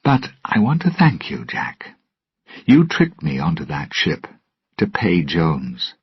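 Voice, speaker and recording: A determined young sailor, firm and defiant, speaks in a raised, husky voice as a man reading the tale puts him on. The lines are lively and pointed. The track is dull and lo-fi. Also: low-pitched, slow pace, full character voice. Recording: dull lo-fi recording.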